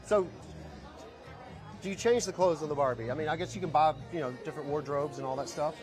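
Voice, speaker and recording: Casting: quick, slightly higher-voiced male TV reporter, stumbling and filler-heavy, music behind. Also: a crowd in the background. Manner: fast, halting, with many fillers. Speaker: TV field reporter. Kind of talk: live on-location interview. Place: collectibles show.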